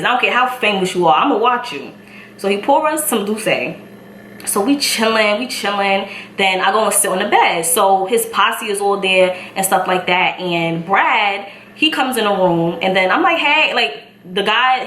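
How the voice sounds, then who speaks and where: Young brooklyn woman doing story time while she does her makeup, lively, acts out voices, echoey room with a little hum. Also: medium pitch. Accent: Brooklyn New York. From Brooklyn, New York. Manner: animated storytelling, acting out voices, laughing. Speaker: beauty vlogger. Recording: echoey room, faint ambient noise.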